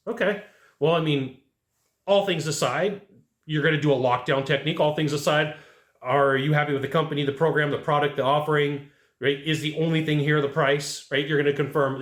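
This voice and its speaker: A man teaching sales negotiation in a casual, animated way, acting out clients and asking rhetorical questions. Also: fairly high pitch, normal speed, reverberant. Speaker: sales trainer. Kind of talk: casual sales training talk.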